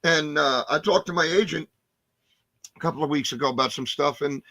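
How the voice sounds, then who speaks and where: A man in his sixties, a guest actor telling animated, profane stories in a casual interview. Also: a little high, brisk, dry recording. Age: 60s. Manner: animated, profane, acts out scenes.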